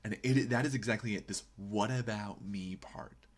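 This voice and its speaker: Male poetry podcast host, low and breathy, emphatic reflective commentary. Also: normal speed. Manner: earnest, emphatic, asks rhetorical "right?".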